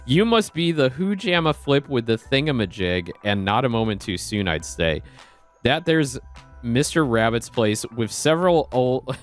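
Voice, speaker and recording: A man voicing a blustery male lizard handyman in an exaggerated, deliberately bad Cockney accent. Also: medium pitch, lively intonation, soft background music, close to an everyday voice. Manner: exaggerated Cockney put-on, breaking into laughter.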